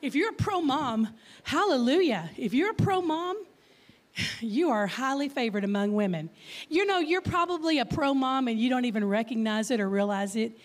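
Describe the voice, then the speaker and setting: A woman's voice: high voice, animated, moderate pace. A woman in her fifties with a Texan accent, giving a chatty guest talk in church, with a slight stutter and lots of questions to the crowd. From Texas. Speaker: guest speaker.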